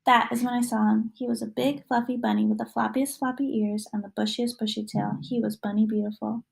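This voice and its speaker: A woman reading a children's picture book aloud, with gentle, expressive storytelling. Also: a little high, a little fast, gravelly, breathy edge, poor audio. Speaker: reader.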